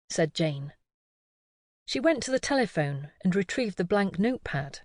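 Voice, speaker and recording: A woman narrating an audiobook mystery in a calm, expressive way. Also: fairly low pitch, normal speed, dry recording, clean studio sound. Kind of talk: scripted narration.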